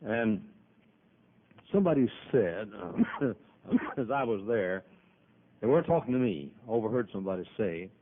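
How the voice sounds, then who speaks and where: A man's voice: lowish voice, lively intonation, moderate pace, pauses often. A man preaches a sermon over a PA microphone, talking in a folksy, emphatic way and stopping often to cough. The audio is narrow and tinny, like a phone line. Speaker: pastor. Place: church auditorium with PA system.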